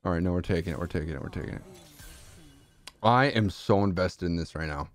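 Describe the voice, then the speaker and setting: A young man streaming live gameplay commentary, excitable, swinging from low mutters to shouts. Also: brisk.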